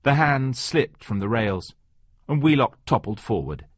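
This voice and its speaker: A man narrating an audiobook in a slow, deliberate reading. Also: mid-range voice, lively intonation, no room sound. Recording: dry, slightly muffled recording.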